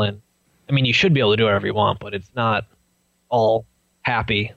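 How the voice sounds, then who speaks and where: A man's voice: mid-range voice, fast, vocal fry, dry recording, highs cut off. A young man, a podcast guest, telling his own story and acting out what people said. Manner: animated storyteller acting out quotes. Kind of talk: recounting a personal story.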